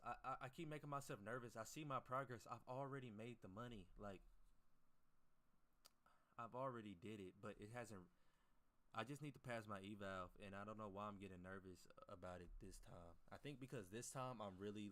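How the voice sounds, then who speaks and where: Young male streamer, low-ish voice, loose and profane, addresses chat directly. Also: a little fast, a bit bright. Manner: loose, profane slang, talks to chat, restarts often. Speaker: livestreamer and day trader. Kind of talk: casual livestream chat.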